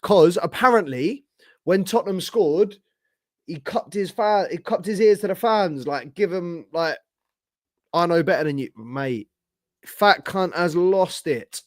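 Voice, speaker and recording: A young man hosting a live football reaction stream, casual and sweary, his voice hoarse from shouting. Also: sits high, animated, slow pace, dry recording, clean studio sound. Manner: casual, sweary, slangy, talks to chat. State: losing his voice. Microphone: streaming setup with camera.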